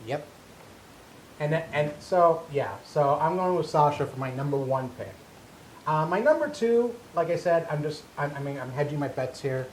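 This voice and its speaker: A man's voice: a little high, lively intonation, normal speed, a little mellow. A man co-hosting a casual wrestling podcast, talking animatedly with many stammered restarts. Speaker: podcast co-host. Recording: echoey room with faint hum.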